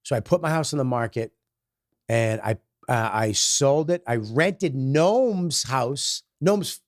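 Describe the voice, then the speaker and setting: A comedian guest in casual podcast chat, telling stories in a profane, animated way. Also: male voice, mid-range voice, takes it slowly, no room sound, studio quality.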